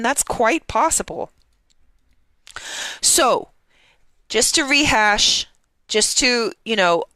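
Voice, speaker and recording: A woman's voice: on the high side, bright, forceful tone, clear, resonant tone, no room sound. A woman journalist giving heated, indignant live-stream news commentary and reading out timeline entries.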